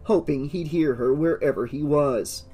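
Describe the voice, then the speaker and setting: A man narrating an audiobook in a steady, measured reading. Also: a little high, breathy edge, faint music behind.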